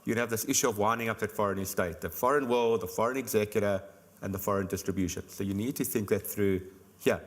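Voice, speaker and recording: Man, middle-aged, insurance expert; rapid, brisk explainer at a conference interview. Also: on the low side, steady tone. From South Africa. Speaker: insurance company expert guest.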